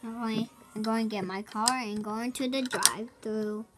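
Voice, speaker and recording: A woman's voice: on the high side, fairly even intonation, normal speed, heavy background noise. A woman giving casual gameplay commentary, hesitant and giggly, with lots of ums. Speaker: gamer.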